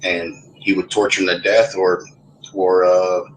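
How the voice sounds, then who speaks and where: A man with a very low voice talks loosely in a voice chat, stumbling through restarts and "uh"s as he goes. A faint hiss of noise sits under his speech. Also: flat delivery, rough recording. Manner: rambling, halting with many fillers and restarts. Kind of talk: casual voice chat.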